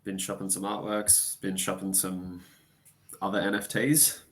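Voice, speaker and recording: A man co-hosting a casual podcast, relaxed and jokey, swearing now and then. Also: low-pitched, unhurried. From Australia. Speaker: podcast co-host.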